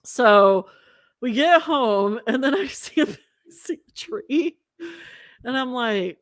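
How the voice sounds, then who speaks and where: A woman in her forties hosting a casual chat, telling a story in an animated, profane way. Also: a little high, slow, no room sound, clean studio sound. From Southern California. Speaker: podcast host.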